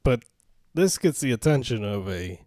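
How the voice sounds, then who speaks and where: A man co-hosting a movie podcast, recapping scenes in loose, profane chat. His pitch swings widely as he tells the story. The sound is dry and close, with no room echo. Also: moderate pace. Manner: laughing, profane, animated retelling. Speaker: podcast co-host.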